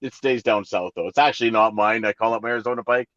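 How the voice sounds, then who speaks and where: Laid-back trucker co-host, lowish voice, dry and slightly muffled line. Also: male voice, quick pace, fairly bright tone, dry recording. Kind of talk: casual podcast chat.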